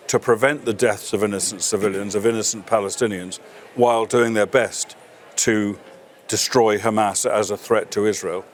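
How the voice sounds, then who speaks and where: A middle-aged man, a military expert guest in a studio interview, making his case in a firm, emphatic way. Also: fairly low pitch. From Britain.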